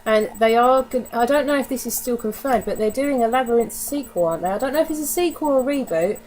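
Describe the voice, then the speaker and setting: A woman's voice: a little high, quick pace, a little mellow, poor audio. A woman chatting casually to camera in a DVD haul vlog, candid and given to casual swearing. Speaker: vlogger.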